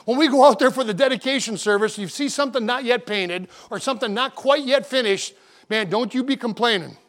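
High-voiced preaching pastor. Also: male voice, a bit bright. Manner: fervent preaching, with frequent repeated words and restarts; slows to a measured cadence when reading scripture. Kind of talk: sermon.

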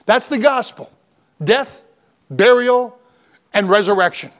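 A man's voice: sits high, animated, moderate pace, a bit bright. A male pastor preaching a fervent sermon, repeating words and lists for emphasis and reading scripture aloud. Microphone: church microphone, broadcast on radio.

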